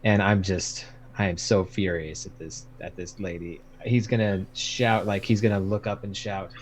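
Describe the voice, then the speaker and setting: A man's voice: low voice, steady tone, moderate pace. A man playing a tabletop game, declaring his character's furious move from a distance. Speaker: player.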